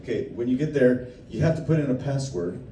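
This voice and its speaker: A playful male entertainer chats and jokes with fans, laughing as he talks. His voice sits in the middle range. The sound is roomy and distant, with steady background noise. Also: medium pitch, a little fast. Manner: playful, laughs often while telling stories. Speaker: entertainer hosting a fan Q&A. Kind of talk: casual joking chat with fans. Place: indoor meet-and-greet room. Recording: echoey room, recorded from afar, background noise.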